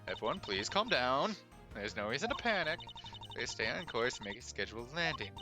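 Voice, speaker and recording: A man's voice: medium pitch, very animated, a little fast, natural voice. A man voicing a prim, officious female flight attendant, formal and soothing like an announcement, with game music behind. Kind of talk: voicing game dialogue on stream.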